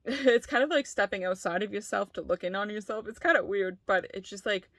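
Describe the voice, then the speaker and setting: A woman's voice: mid-range voice, normal speed, fairly bright tone, no room sound. A woman vlogging candidly, talking in a rambling, frank way with lots of fillers and swearing. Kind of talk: candid personal vlog.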